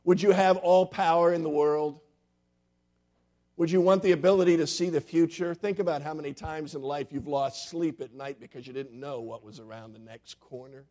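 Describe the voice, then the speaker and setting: A male pastor delivers a sermon in a somewhat high voice. He tells stories and acts out the characters with animated quoted lines. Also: normal speed. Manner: storytelling with lively quoted voices.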